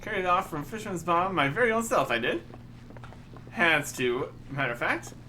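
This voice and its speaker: A man voicing a rowdy, boozy middle-aged sailor who rambles cheekily in rough old-salt dialect. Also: high voice, animated, normal speed, sharp tone, slight background noise, low-quality recording. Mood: boisterous.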